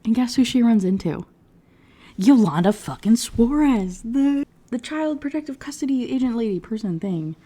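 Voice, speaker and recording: Female book reviewer, casual sarcastic rant delivery, profane, warm and relaxed tone. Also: on the high side, normal speed. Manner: profane, animated, sarcastic retelling with quoted voices.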